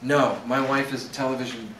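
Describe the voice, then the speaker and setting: Bright, eager man in an echoey room. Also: mid-range voice, steady tone, brisk. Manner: eager, self-promoting, chatty. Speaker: actor and director, interview guest. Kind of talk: casual interview chat. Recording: echoey room, mic at a distance, faint ambient noise.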